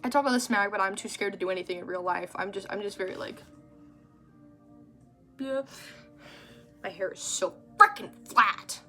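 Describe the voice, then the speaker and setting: A young adult woman giving an exasperated, animated rant in a casual vlog. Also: mid-range voice, moderate pace, long pauses, faint music behind. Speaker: vlogger. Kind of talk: ranting vlog monologue.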